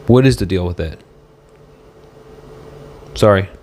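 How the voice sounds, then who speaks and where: A man chatting casually on a livestream from a motel room, rambling and halting as he reads viewer comments aloud. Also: deep voice, darkish tone, a little hiss or hum.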